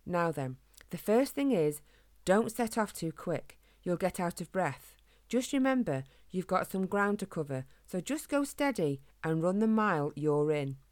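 A woman's voice: fairly low pitch, big pitch swings, a little slow, a little mellow. A woman voicing a plump, fatherly male hedgehog who lectures his son, in a storybook reading. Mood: lecturing. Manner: patient, instructive, fatherly.

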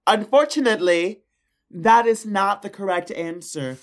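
A woman's voice: medium pitch, animated, a little slow. A woman hosting a casual trivia game among friends, teasing and upbeat as she announces answers. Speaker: quiz host.

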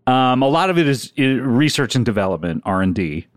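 A man of middle pitch co-hosts a comedy podcast. His voice swings up and down a lot, he laughs often and poses mock-serious questions, and the sound is dry and close. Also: sing-song, fairly quick, no room sound. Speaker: podcast co-host. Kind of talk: casual comedic chat.

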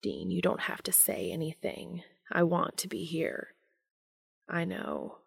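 Woman voicing a gentle solemn man, whispery, low and hesitant, story reading. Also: sing-song, normal speed, gravelly, slightly rough, long reverb tail, heavily acted. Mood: soft apologetic. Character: gentle solemn former angel, soft-spoken man.

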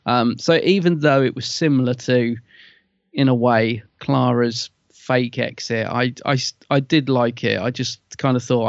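A man's voice: mid-range voice, steady tone, measured pace, gravelly, no echo. A man co-hosting a casual podcast review, hesitant and weighing his mixed feelings as he talks. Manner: hesitant, conflicted, restarts often. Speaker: podcast co-host. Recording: dry, dull lo-fi sound.

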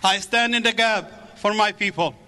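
A man's voice: high-pitched, normal speed, a crowd in the background, background noise. A middle-aged man from the Middle East giving a fervent preached testimony in a church. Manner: fervent, repeats praise.

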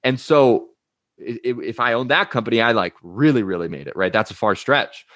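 Energetic man telling stories, dry sound. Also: medium pitch, brisk, dry recording, lo-fi sound. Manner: energetic storyteller, uses anecdotes and acted-out quotes. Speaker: guest, life coach. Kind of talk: casual interview talk.

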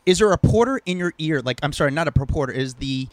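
A man co-hosting a podcast, telling teasing stories in animated casual chat. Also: fairly high pitch, fast talker, no echo. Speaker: podcast co-host.

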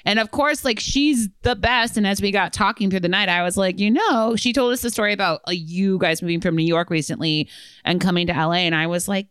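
Woman podcast host, chatty and rambly, smooth clean voice. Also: mid-range voice, fairly quick, a bit bright, no room sound. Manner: chatty, filler-heavy storytelling. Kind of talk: casual podcast chat.

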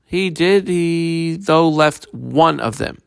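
Male Talmud teacher, gravelly voice, dry close sound, casual and halting delivery. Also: a little high, no echo, faint music behind. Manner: casual, halting, many fillers. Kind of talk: daf yomi Talmud lesson, translating Aramaic aloud.

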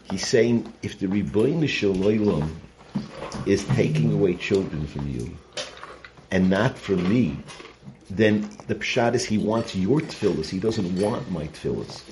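Deep-voiced man teaching Torah, noisy recording. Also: expressive, measured pace. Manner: earnest, explanatory, restarts and repeats words. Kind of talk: weekly Torah portion class.

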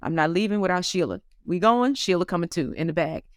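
Smooth low-voiced woman telling stories. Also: quick pace, dry recording, studio quality. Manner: lively, acts out quotes in her stories. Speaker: business owner guest. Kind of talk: casual interview storytelling.

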